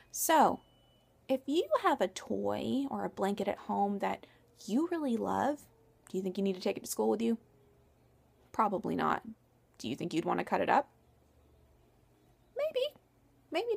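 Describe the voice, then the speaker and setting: A woman telling a story to children, her fairly high voice swooping up and down with expression. There's a gravelly edge to her voice, and she keeps pausing to ask her young audience questions. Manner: animated, asks the young listeners questions.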